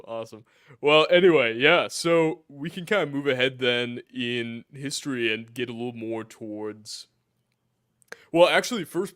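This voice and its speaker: A man's voice: mid-range voice, fairly bright tone, clear, resonant tone, no echo, clean studio sound. A man hosting a podcast, asking questions in an upbeat, conversational way. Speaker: host. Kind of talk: casual podcast interviewing.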